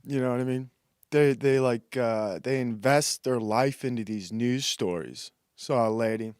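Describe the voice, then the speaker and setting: A man's voice: medium pitch, unhurried, darkish tone, clear, resonant tone, no echo, clean studio sound. A man hosting a comedy commentary show, ranting in a crude, sarcastic and rambling way, laughing and putting on mock voices. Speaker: host.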